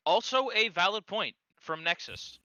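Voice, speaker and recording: A man co-hosting a fanfiction reading show, chiming in with dry, quick comments. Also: high voice, lively intonation, pushed and bright. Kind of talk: casual commentary.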